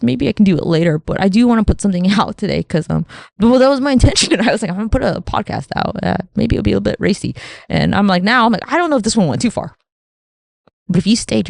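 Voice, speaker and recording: A woman rambles through a solo podcast, swearing freely and acting out quoted voices as she goes. Her voice has a gravelly fry and a lively, swooping pitch. The sound is close and dry. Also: no echo. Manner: rambling, profane, animated, acts out quoted voices. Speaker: podcast host. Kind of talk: casual solo podcast monologue.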